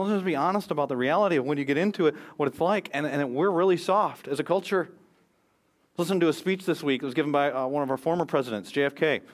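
An American man preaching a sermon as pastor, earnest and emphatic, quoting scripture and speeches. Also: fairly high pitch.

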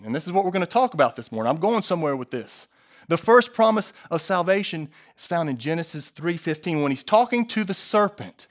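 A man preaching a sermon, stressing key phrases slowly and putting questions to the congregation, with jokey asides. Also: on the high side, a bit bright. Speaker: pastor.

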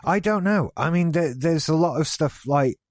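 A man's voice: fairly high pitch, moderate pace, no echo, studio quality, faint music behind. A British man co-hosting a podcast, chatting casually and with strong opinions about a TV episode. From Britain. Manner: chatty and opinionated, with frequent asides. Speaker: podcast co-host. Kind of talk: casual chat reviewing a TV episode.

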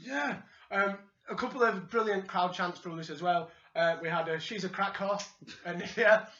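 A man with a Yorkshire accent chatting as a podcast co-host, animated, laughing often and acting out quotes. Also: high-pitched, normal speed. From England. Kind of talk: casual chat reviewing wrestling. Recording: roomy, slightly dull sound.

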